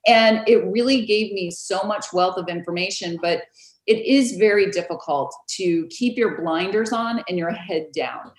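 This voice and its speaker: A woman realtor telling stories in a casual interview, animated and quick to laugh, acting out the voices of others. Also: medium pitch. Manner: animated storyteller, acts out quoted voices, laughs often. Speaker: realtor guest. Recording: roomy echo.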